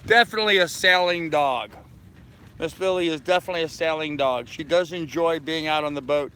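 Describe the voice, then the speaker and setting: A man's voice: a little high, fairly quick, bright, forceful tone, a little hiss or hum. Folksy older man chatting on a boat deck. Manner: rambling, folksy, talks to his dog. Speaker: sailing vlogger. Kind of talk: casual live-stream chat. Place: outdoors on a sailboat deck.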